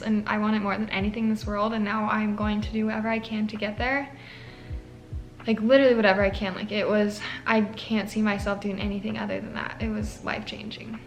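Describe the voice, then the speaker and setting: A woman's voice: a little high, fairly bright tone. A young woman, a nursing student, chatting casually to camera with lots of filler likes and an emotional, earnest manner. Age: young adult. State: tearful at moments.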